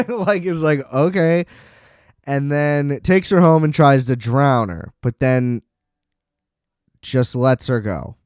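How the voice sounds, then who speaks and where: A man's voice: medium pitch, takes it slowly, long pauses, a little mellow, clear, resonant tone, no echo, studio quality. A man hosting a podcast, ranting sarcastically about a film, exasperated and laughing often. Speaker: podcast host. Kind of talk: casual rant review.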